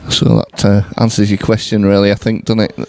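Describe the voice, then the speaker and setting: A man's voice: on the low side, monotone, a little fast, darkish tone, slight background noise. A man from England co-commentating live on a pool match, casual and agreeable with his partner.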